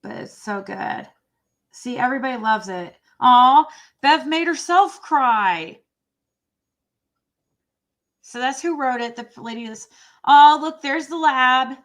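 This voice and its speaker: A woman's voice: high-pitched, normal speed, fairly bright tone. A woman hosting a casual livestream, talking in a chatty, self-deprecating way with frequent restarts and trailing phrases. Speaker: livestream host.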